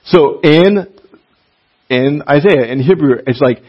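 A man teaching a casual Bible lesson in a chatty, animated way, laughing often as he reads passages aloud. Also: fairly high pitch, slow, slightly rough, dull audio.

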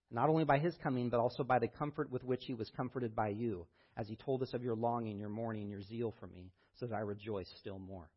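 A man preaching a sermon as pastor, reading scripture with rising intensity and then talking in a low, quiet voice. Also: fairly even intonation, fairly quick, few pauses, slightly rough, lo-fi sound.

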